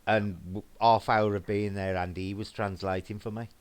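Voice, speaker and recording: A man with a broad Black Country accent and a lowish voice chats casually on a livestream. He rambles, restarts his sentences and reads out viewer comments as he goes. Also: steady tone, normal speed, smooth. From English Midlands. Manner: chatty and rambling, frequent restarts. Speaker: co-host of a paranormal livestream. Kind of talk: casual chat, reading viewer comments aloud.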